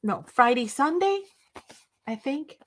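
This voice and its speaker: A woman's voice: high-pitched, big pitch swings, takes it slowly, fairly bright tone. A woman hosting a craft live stream, chatting casually with viewers in an enthusiastic, rambling way.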